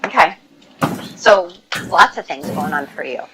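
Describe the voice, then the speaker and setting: A woman nursing instructor giving a classroom lecture, energetic and coaxing as she leads the group through exercises. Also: fairly low pitch, measured pace. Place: lecture hall. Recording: loud background noise.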